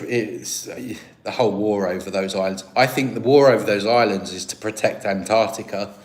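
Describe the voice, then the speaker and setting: A British man hosting a livestream, chatting casually and answering viewer comments in a rambling, self-deprecating way. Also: on the low side. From Britain. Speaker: livestream host. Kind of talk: casual live-stream chat, reading viewer comments.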